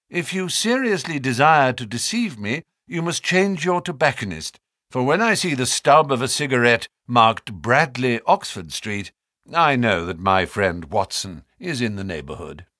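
A man's voice: medium pitch, a bit bright, no echo, studio quality. A man reading the part of a keen, cool-headed detective in an audiobook, cold, incisive and ironic.

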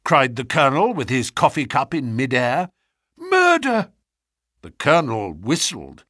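A man narrating a story in a measured, expressive reading voice on a close mic. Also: mid-range voice, slightly rough, no echo.

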